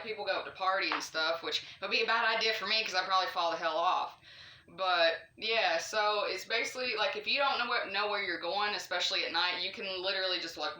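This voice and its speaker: A woman from North Carolina, telling a true scary story to camera in a chatty, animated way, with fillers and the odd swear. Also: lowish voice, echoey room. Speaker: vlogger.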